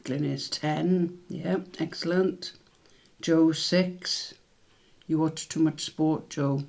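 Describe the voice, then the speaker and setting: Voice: mid-range voice, fairly even intonation, takes it slowly, gravelly, a little mellow. A quiz host who chats casually from home and laughs often between the scores and questions. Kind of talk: casual online quiz hosting.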